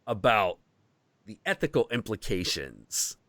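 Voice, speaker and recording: A man hosting a podcast, telling a story in casual chat, animated and swearing freely. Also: fairly low pitch, measured pace. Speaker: podcast host.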